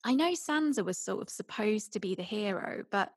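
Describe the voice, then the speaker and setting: A woman's voice: medium pitch, lively intonation, normal speed, husky, no room sound, studio quality. A woman in casual chat about a TV series, giving candid, blunt opinions and swearing casually.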